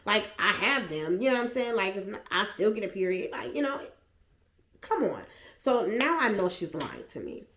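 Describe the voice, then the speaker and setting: Seated at home, a woman vlogger retells a personal story with lots of animation and emotion in a storytime vlog. Her mid-range voice is fairly bright and moves at a moderate pace. The room is echoey, with a little hiss or hum.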